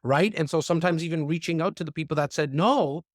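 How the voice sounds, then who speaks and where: Guy guesting on a podcast, kinda high voice, talks loose and animated, dry close sound. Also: quick pace, no echo. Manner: animated, conversational, repeats words as he talks. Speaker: real estate investor and speaker. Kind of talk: casual interview chat.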